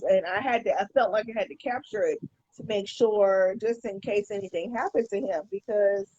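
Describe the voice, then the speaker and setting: A woman with a medium-pitched, dark-toned voice co-hosts a podcast, and the audio is dull with no room sound. Telling a story in casual chat, she swears freely and stumbles, repeating words as she starts sentences.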